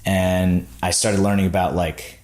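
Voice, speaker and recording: A man with a very low, deep voice tells his founding story in a relaxed podcast chat. He acts out the people he quotes and fills his talk with "like" and "I was like.". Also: measured pace. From Florida. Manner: animated storyteller acting out quotes, lots of "like". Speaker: podcast guest, snack bar founder. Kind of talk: casual storytelling interview.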